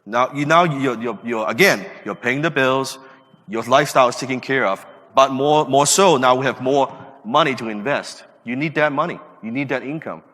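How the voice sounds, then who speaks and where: A man in his late thirties hosts a podcast, delivering an emphatic motivational talk full of rhetorical questions. His voice is bright and forward. It rings out in a long, reverberant room. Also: mid-range voice, normal speed. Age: late 30s. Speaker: podcast host.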